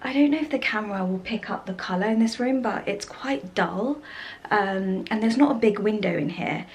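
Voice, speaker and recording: A woman chatting casually to the camera in a home vlog, rambling and soft-spoken. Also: medium pitch, normal speed, slight background noise, low-quality recording. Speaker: vlogger. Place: home interior.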